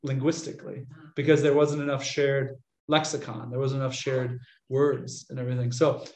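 A man, a Catholic priest, giving a casual, animated lecture and often restarting his sentences. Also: medium pitch, moderate pace, echoey room. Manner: chatty, animated, frequent restarts.

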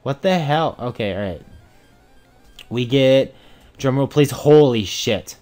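A young man giving let's play commentary on a game, excitable and swinging from mumbles to shouts. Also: mid-range voice, slow pace, long pauses, soft background music. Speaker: gamer playing a Pokemon randomizer.

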